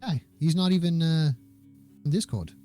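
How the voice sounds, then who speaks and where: A man's voice: a little high, normal speed, warm tone, soft background music. A man narrating as game master of a tabletop game, chatty and playful with many fillers.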